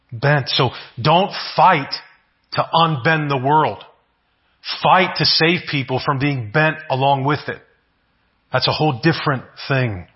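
Husky guy preaching, keeps saying right?, dull lo-fi church audio. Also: a little high. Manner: earnest, repeats words, asks "right?" often. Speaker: pastor. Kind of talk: sermon.

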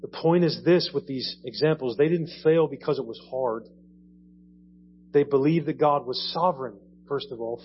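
A man preaching a sermon in a conversational way, repeating phrases and rising in emphasis. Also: a little high. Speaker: pastor. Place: church. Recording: dull audio with faint hum.

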